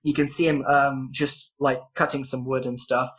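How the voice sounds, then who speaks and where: A woman's voice: very deep voice, flat delivery, normal speed. A woman narrating as game master, rambling with fillers and giggles.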